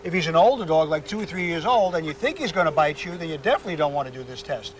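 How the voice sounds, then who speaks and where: Guy dog trainer talking outside, kinda high voice, traffic going by, chatty how-to vibe. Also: expressive, racing. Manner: chatty, explanatory, goes high and sing-song coaxing the dog. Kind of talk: on-location dog training demo.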